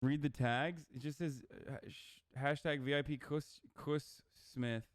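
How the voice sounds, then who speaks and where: A male streamer gives casual reaction commentary, swearing freely and arguing his point in a ranting, combative way. His voice sits a bit high and comes through smooth and crisp. The close mic leaves the sound completely dry, with no room in it. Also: steady tone, unhurried, no room sound. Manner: profane, ranting, argumentative. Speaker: livestreamer.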